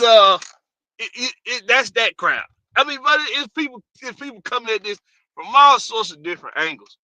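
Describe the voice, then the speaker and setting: A man's voice: high voice, pushed and bright, no room sound. A man hosting a casual live stream, rambling loosely and greeting viewers by name.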